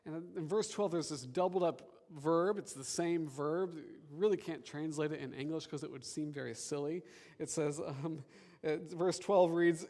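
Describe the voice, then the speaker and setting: Male pastor, animated sermon delivery, church hall with long reverb. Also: a little high, normal speed. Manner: animated, chatty with the congregation.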